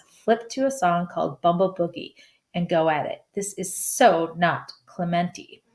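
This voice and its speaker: A woman's voice: fairly low pitch, darkish tone. Woman reading a story, tripping on names. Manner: stumbles on hard names, apologizes and adds asides. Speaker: audiobook reader. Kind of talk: amateur first-person story reading.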